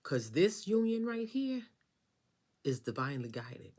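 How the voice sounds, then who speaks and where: A tarot reader gives a casual reading, speaking straight to the listener in an emphatic, sassy way and repeating phrases for effect. Her voice is low and dark, with big pitch swings and an unhurried pace.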